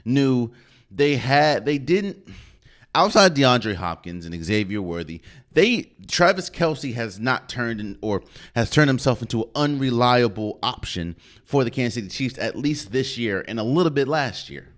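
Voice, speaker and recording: A man hosting a podcast, breaking down football in an emphatic, animated way. His pitch sits in the middle but swings widely as he leans into his points, and he often repeats phrases for effect. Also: measured pace. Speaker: podcast host. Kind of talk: solo sports commentary.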